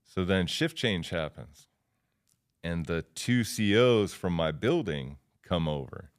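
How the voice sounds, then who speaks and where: Deep-voiced guy in his fifties, smooth and resonant, rambling slangy storytelling w lots of "like" and "you know". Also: animated, slow. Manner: loose, slangy storytelling with many fillers. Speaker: guest. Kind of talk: casual storytelling.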